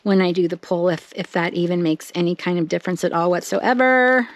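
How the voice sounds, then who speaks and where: A woman talking casually to her viewers as she works on a craft project, chatty and thinking out loud, with excited bursts. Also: lowish voice, fairly quick, no echo. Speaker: craft vlogger.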